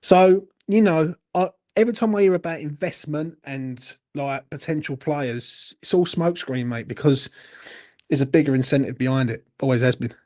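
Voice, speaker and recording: Sweary tipsy football fan. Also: male voice, a little high, moderate pace, darkish tone. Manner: blunt, sweary, rambling. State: drinking, a little tipsy. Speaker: football channel host. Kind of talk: late-night live Q&A, reading chat comments.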